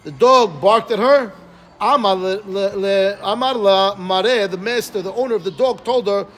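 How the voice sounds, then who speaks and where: A man teaching a Talmud class, reading Aramaic and explaining it phrase by phrase in English, often checking with listeners. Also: high-pitched. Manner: quick, animated, asks listeners "right?".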